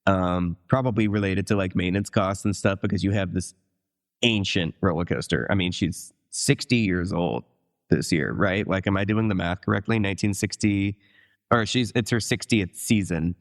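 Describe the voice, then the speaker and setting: Deep-voiced chatty man co-hosting. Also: moderate pace. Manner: chatty, rambling, enthusiastic. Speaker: podcast co-host. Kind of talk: casual chat.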